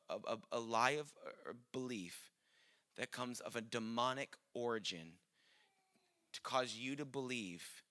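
A man preaching a sermon, passionate and building to shouts before easing into conversational teaching. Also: medium pitch. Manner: impassioned, rising to shouts then dropping to conversational teaching.

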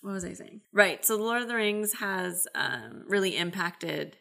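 A woman talks casually, filling her sentences with "um" and "like". Her voice is bright and sharp, at a middle pitch for a woman. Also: lively intonation, normal speed, vocal fry. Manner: chatty, many "um" and "like" fillers. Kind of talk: casual chat.

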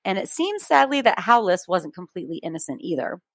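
Laughing between facts and tossing in casual asides, a woman reads a true-crime story for the podcast she co-hosts. Her somewhat low voice is a bit bright and swings widely in pitch, and she talks a little fast. The close mic leaves the audio dry with no room sound.

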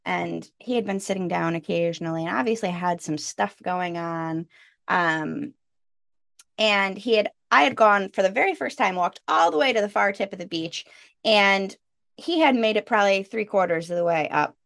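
A woman in her thirties, a podcast guest, telling a casual story with lively jumps in pitch when she quotes people. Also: normal speed, vocal fry, no room sound, studio quality.

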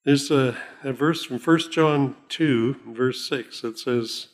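A man giving an informal Bible talk in a folksy, chuckling way, slowing down when he reads scripture aloud. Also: mid-range voice. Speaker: lay preacher.

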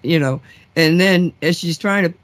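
A woman's voice: on the low side, moderate pace. A woman hosting a talk show, telling stories in a rambling way, laughing often and restarting her sentences. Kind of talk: casual storytelling chat.

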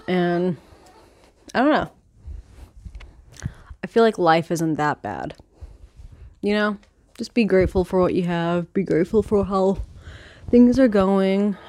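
A young woman vlogging casually by her chicken coop, rambling and swearing as she hushes her hens. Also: medium pitch, no echo. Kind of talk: casual chat while reading aloud. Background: faint chicken clucking.

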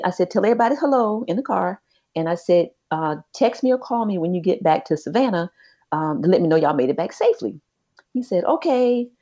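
A woman, co-hosting a podcast and telling a personal story in a chatty, animated way. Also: mid-range voice, lo-fi sound. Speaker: podcast co-host. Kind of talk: casual chat, storytelling.

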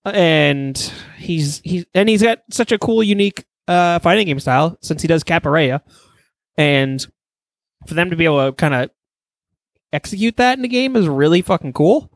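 Excitable, profane man, dry close mic. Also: on the high side, normal speed, gravelly, no room sound. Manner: profane, enthusiastic, rambling. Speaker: podcast co-host. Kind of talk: casual gaming chat.

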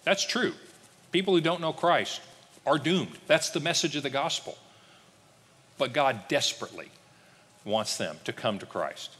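Animated pastor preaching in a church hall. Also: male voice, on the high side, a little slow, pauses often, slightly rough. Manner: lively, joking, acts out biblical figures in voices. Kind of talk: sermon. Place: church sanctuary.

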